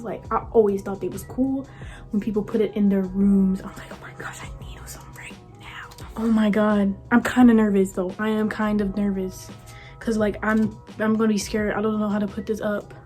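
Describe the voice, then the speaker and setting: A woman vlogging casually from her room, excitable and gushing as she talks to her viewers. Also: medium pitch, normal speed, faint music behind. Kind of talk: casual vlog chat.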